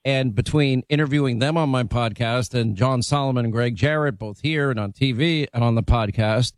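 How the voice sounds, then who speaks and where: A man's voice: mid-range voice, normal speed, no room sound. Assertive middle-aged male host, dry sound. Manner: assertive, confident predictions. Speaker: interview host. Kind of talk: interview commentary.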